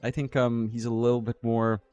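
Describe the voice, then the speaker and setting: Male esports caster, from the Philippines, joking and teasing, even mid-range voice, dry close mic. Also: medium pitch, brisk, clear, resonant tone, no echo, faint music behind. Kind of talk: casual chat between casters.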